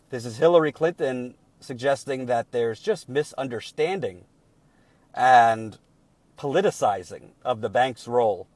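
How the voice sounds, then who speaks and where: A man giving indignant political commentary while reading out leaked emails, emphatic and deliberate, with many repeated restarts. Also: mid-range voice, darkish tone, dry recording. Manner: deliberate and slowed when troubled.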